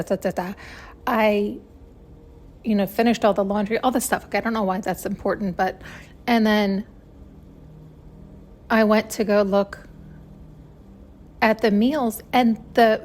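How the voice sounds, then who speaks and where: A woman talks alone into the mic for her podcast, wandering from thought to thought with many fillers and restarts. She sounds choked up, as if she could cry at any moment. Her voice sits at an ordinary middle pitch. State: choked up, on the edge of tears. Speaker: podcast host. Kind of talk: casual spiritual monologue.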